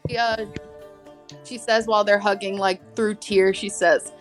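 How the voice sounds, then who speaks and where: A woman playing a tabletop game, narrating her character slowly and earnestly with hesitations. Faint music sits under her voice. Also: mid-range voice, flat delivery, rough recording. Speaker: player. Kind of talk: casual tabletop role-play.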